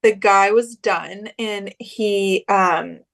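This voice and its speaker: A woman's voice: medium pitch, drawn-out words, gravelly, fairly bright tone. A young woman co-hosting a podcast, telling a story in a chatty way and acting out the quoted lines. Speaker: podcast co-host. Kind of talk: casual chat.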